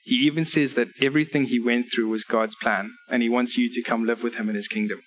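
Male preacher in a church service, delivering an earnest sermon with scripture readings and clear numbered points. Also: mid-range voice, fairly even intonation, fast, a bit bright, slight background noise, rough recording. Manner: earnest, direct appeals to listeners.

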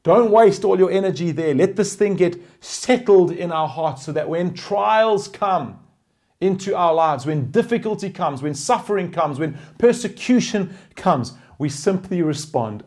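A man preaching a sermon as pastor, animated, swinging between loud emphatic lines and hushed pastoral ones. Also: high-pitched, unhurried.

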